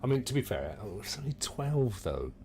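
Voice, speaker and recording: A man's voice: mid-range voice, very animated, moderate pace, a little mellow, faint music behind. Middle-aged Englishman casually commentating a game. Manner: chatty and jokey, talks to viewers. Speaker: game streamer. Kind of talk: casual let's-play commentary.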